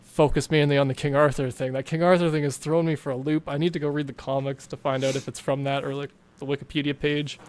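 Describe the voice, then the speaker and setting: Male co-host, fairly high voice, laid-back, agreeable, trails off. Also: level tone, a little mellow, clean tone. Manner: easygoing, agreeable, quick to laugh, trails off mid-thought. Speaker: podcast co-host. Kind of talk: casual movie review chat.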